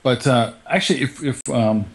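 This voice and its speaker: A young man co-hosts a relaxed podcast conversation. His voice sits at an ordinary middle pitch, and he talks in an easygoing, animated way, dropping into little acted-out quotes. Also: moderate pace, vocal fry. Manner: chatty, animated retelling with put-on quotes. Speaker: podcast co-host. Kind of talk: casual chat.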